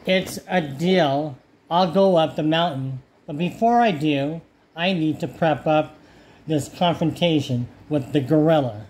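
A man voicing a boastful male lion in a storybook fable, speaking slowly and stubbornly. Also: on the high side, darkish tone, a little hiss or hum, lightly acted. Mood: determined. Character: boastful male lion claiming the jungle throne.

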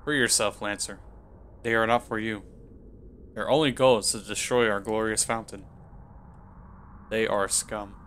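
A man's voice: lowish voice, fairly even intonation, measured pace, long pauses, fairly bright tone, slight background noise. A man playing the King, a grandiose tyrant. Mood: scornful. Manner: pompous, archaic, menacing.

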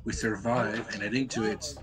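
A man's voice: lowish voice, little pitch movement, normal speed, poor audio. Guy co-streaming a game, dry teasing banter in english. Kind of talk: live gameplay chat.

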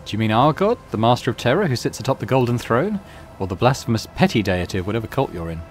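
A man's voice: mid-range voice, very animated, quick pace, soft background music, close to an everyday voice. A man voicing a zealous, commanding starship captain in a video game, speaking firmly. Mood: stern.

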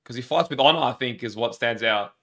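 A man co-hosting a movie reaction, chatting casually and breaking into excited exclamations. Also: mid-range voice, fairly quick.

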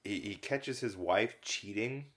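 A man's voice: lowish voice, unhurried, a bit bright. A man co-hosting a film review podcast, talking casually and rambling with many fillers, sometimes acting out lines from scenes. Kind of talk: casual conversational film discussion.

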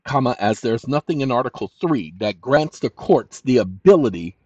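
A combative man rants in a commentary, speaking punctuation aloud as he dictates and breaking into shouted commands. His voice sits at a middle pitch. The sound is dry and close. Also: no room sound, dull audio. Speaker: channel host. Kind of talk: ranting commentary, dictating to a chatbot.

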